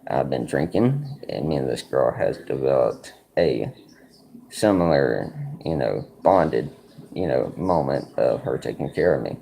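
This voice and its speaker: A very deep, gravelly man spins a loose, rambling story between moves of a card game. His swearing is casual and his delivery swoops up and down, with a dark, mellow tone. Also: big pitch swings, unhurried, slight background noise. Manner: rambling, profane, full of likes and you-knows. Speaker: streamer.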